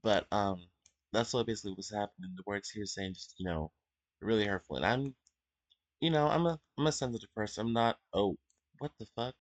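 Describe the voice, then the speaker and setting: A teenage young man giving an unscripted personal confession at home, emotional and halting, with many fillers and restarts. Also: on the low side, dry recording. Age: teens. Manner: emotional, soft-spoken. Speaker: vlogger.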